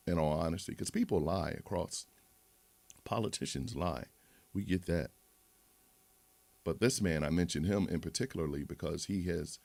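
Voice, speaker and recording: A man's voice: deep voice, vocal fry, darkish tone, dry recording. A man hosting a livestream, rambling and moralizing in a casual monologue with many restarts. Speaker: livestream host.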